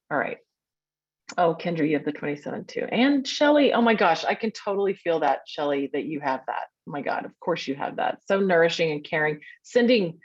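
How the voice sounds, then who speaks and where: A woman's voice: lowish voice, dull audio. A woman teaching a workshop in a chatty way over a video call, often sounding out little grunts and hums as examples.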